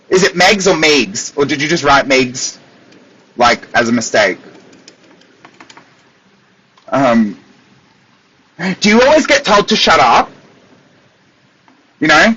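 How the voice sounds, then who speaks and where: An Australian man, a psychic medium, chatting casually with viewers on a livestream from his desk, animated and laughing often. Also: on the high side, a little slow, pauses often, husky. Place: at a desk at home. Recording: dull lo-fi livestream audio.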